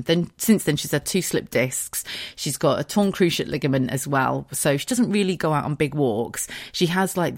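A woman's voice: sits low, a little mellow, dry recording. A woman, hosting a podcast and telling a story in casual chat, swearing freely and close to tears. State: tearful, close to crying. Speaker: podcast host.

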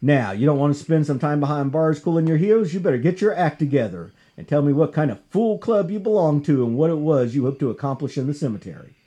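A man's voice: a little high, animated, quick pace, few pauses, mellow, close to an everyday voice. A man doing a drawling Southern sheriff. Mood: stern. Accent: Southern US, put on. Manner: drawling, folksy, stern. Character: stern small-town male Southern sheriff.

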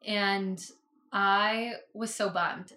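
A woman's voice: mid-range voice, fairly even intonation, extremely slow, bright, forceful tone. A woman telling her story in a casual interview, talking in a chatty way with lots of fillers. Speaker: podcast guest, business owner. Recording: roomy echo.

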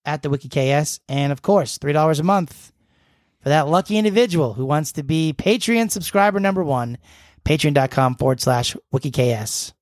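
A man's voice: on the high side, lively intonation, normal speed, dry recording. Young guy hosting a podcast, jokey, rambly, dry close mic. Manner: joking, rambling. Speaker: podcast co-host. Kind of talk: casual chat.

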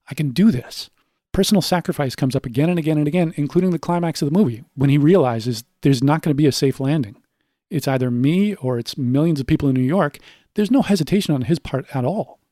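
A man's voice: a little high, darkish tone, no room sound, clean studio sound. A man speaking as a podcast guest, working methodically through his notes and building each point with examples. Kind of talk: conversational podcast discussion.

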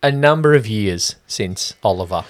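A man co-hosts a relaxed movie review show with his brother. He talks in a loose, joking way and trades quick banter. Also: on the low side. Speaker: podcast co-host. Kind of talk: casual movie review chat.

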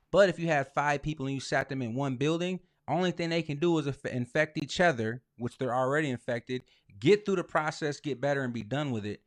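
A man in casual conversation, talking animatedly and swearing freely, reading quotes aloud in put-on voices. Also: medium pitch.

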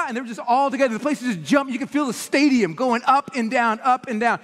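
High-voiced pastor preaching. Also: male voice, fast, few pauses, in a large hall. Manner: animated storytelling, restarts words. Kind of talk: sermon.

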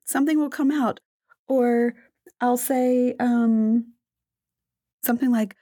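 Husky, higher-voiced woman podcast host. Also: steady tone, slow, long pauses, a little mellow, no echo, studio quality. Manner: rambling, thoughtful, many fillers. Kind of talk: casual educational podcast chat.

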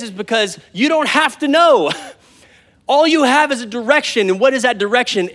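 In front of a live congregation, a man in his thirties preaches a sermon with lively, conversational energy, addressing the crowd directly. His voice sits high.

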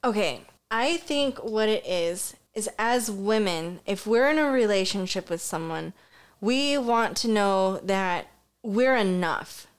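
A woman's voice: mid-range voice, lively intonation, slow pace, clear, resonant tone. A woman and mother co-hosting a podcast, chatting casually and telling stories frankly with frequent swearing. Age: adult parent. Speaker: podcast co-host. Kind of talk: casual chat.

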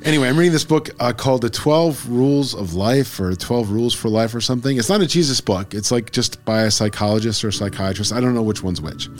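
A man chatting casually on a podcast, at an ordinary middle pitch. He rambles from point to point and trips over words, correcting himself as he goes. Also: fast, hardly any pauses, soft background music. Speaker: podcast co-host. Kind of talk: casual chat.

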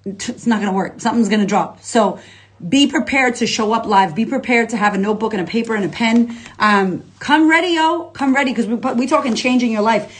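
With a fairly high-pitched voice, a woman who works as a life coach hosts a casual livestream. She talks to followers with energetic, slangy, foul-mouthed enthusiasm and reads their comments out loud.

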